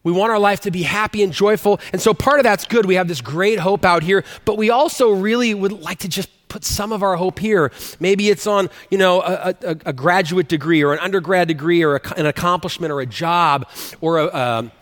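A man's voice: sits high, fairly quick, a bit bright. A male pastor preaching a sermon in a conversational way, often restarting sentences and asking the congregation questions. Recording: long hall reverb.

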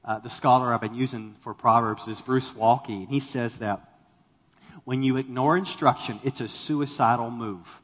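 A man's voice: mid-range voice, fairly even intonation, normal speed, big-room sound. A man preaching a sermon as a pastor to a congregation, talking animatedly and acting out the people he quotes. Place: church sanctuary with congregation.

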